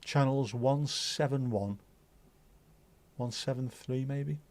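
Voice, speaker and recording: A middle-aged man chats through a livestream, rambling from one topic to the next. His talk is loose and sweary, full of banter for the viewers. His pitch sits in the middle range. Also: slow, darkish tone. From Liverpool, England. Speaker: livestream host. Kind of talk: casual chat reading viewer comments.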